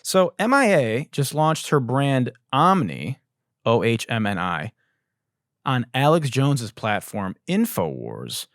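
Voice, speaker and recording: Profane, animated comedy podcast host, man. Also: mid-range voice, takes it slowly, no room sound, clean studio sound.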